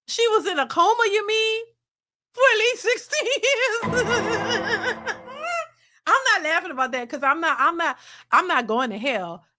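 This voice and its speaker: A woman's voice: high-pitched, bright, forceful tone. A woman hosting a live reaction stream, laughing often and reading viewer super chats aloud. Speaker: reaction channel host.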